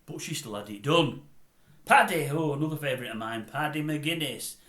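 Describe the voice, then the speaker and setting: A grumpy, sarcastic middle-aged man rambles through showbiz gossip like a comic host. His voice is bright and forceful. It rings in a roomy, echoey space. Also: a little high, lively intonation, normal speed. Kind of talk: comedic celebrity gossip monologue. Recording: roomy echo.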